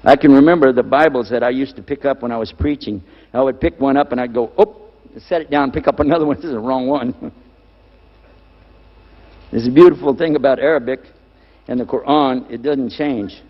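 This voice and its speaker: A man's voice: medium pitch, brisk. A man preaching on scripture to a live audience, stressing key words again and again and asking his listeners questions. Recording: dull lo-fi recording with long hall reverb.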